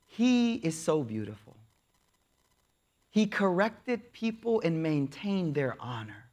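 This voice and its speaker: Lively storytelling male preacher. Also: on the high side, slow. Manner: lively, acts out the quoted figures, uses casual slang. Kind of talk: storytelling sermon.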